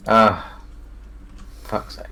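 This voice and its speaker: A man's voice: bright, forceful tone, slight background noise. A man playing a tabletop game, chatting casually, swearing and hesitating. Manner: swearing, laughing, halting and unsure. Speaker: player.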